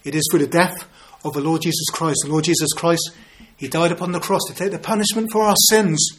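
Male preacher, 50s, earnest sermon delivery with rhetorical questions, slightly higher voice. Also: fairly even intonation, a little fast, noisy background. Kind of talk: evangelistic sermon.

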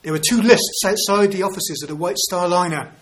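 Male preacher, 50s, earnest sermon delivery with rhetorical questions, slightly higher voice. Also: fairly quick, fairly bright tone. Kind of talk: evangelistic sermon.

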